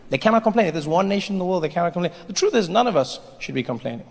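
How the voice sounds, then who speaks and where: A man doing stand-up comedy, telling stories in an animated way to a live audience in a large hall. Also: sits high, racing, vocal fry, hardly any pauses, slight background noise. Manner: animated, storytelling. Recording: live stage recording, hall reverb, crowd.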